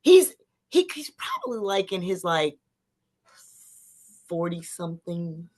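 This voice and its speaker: A woman's voice: lowish voice, takes it slowly. A woman co-hosting a casual podcast chat, telling stories and acting out what people said. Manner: animated storyteller acting out quotes. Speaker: podcast co-host.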